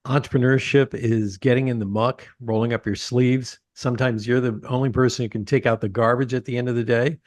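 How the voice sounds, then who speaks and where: Animated man hosting a chat. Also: mid-range voice, brisk, hardly any pauses. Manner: animated storyteller, laughs often, many uh fillers. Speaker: podcast host. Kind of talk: casual interview chat.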